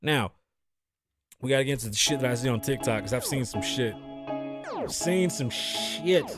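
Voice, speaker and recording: A man hosting his own show, telling stories in a casual, profane, animated way. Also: medium pitch, fast, over music. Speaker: podcast host. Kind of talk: casual monologue.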